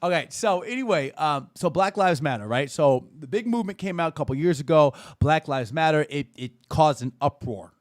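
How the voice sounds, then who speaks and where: A man in his thirties hosting a live call-in show, chatty and animated, swearing and laughing often. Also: fairly high pitch, moderate pace, hardly any pauses, no echo, studio quality. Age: 30s. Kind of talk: casual live-stream talk.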